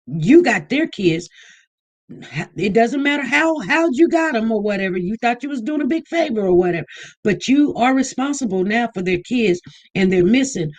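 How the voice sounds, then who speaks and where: A woman giving casual vlog commentary. She speaks in an animated way, circling back over her points and repeating herself. She now and then mimics other people. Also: fairly high pitch, moderate pace. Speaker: online news commentator.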